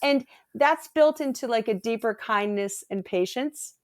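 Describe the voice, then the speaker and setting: Animated woman telling a story. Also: unhurried. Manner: animated, acts out quotes in a higher voice. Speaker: guest, energy healer. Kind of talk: casual storytelling chat.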